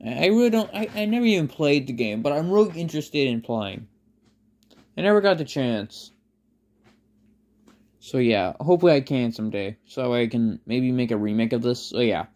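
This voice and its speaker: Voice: medium pitch, expressive, moderate pace, a little mellow. A fan storyteller improvising a story in a rambling way, full of fillers and self-corrections.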